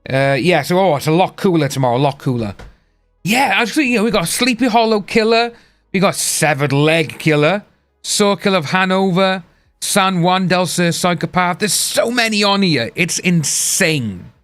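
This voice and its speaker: A man's voice: high-pitched, animated, moderate pace, a bit bright. A man chatting casually on a live stream, rambling and replying to his chat. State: hiccups. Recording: faint music behind.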